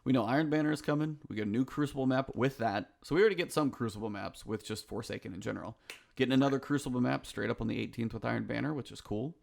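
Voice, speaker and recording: A man hosting a casual gaming podcast, with a gravelly, creaky edge to his voice. He is chatty and excitable, and now and then acts out a player's quick reactions. His pitch sits right in the middle for a man. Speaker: podcast host. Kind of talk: casual chat.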